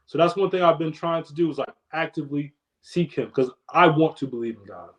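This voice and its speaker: A young man, a podcast guest, in casual chat, telling stories in a laid-back, slangy way that trails off quietly. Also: a little high, fairly quick, dull audio.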